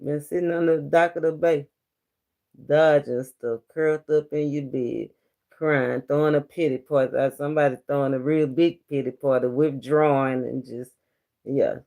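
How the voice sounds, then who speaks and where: A man's voice: on the high side, fairly even intonation, normal speed, creaky, darkish tone. A man giving a casual spiritual tarot reading, talking straight to his viewers in a preachy way and laughing often between points. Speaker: tarot reader.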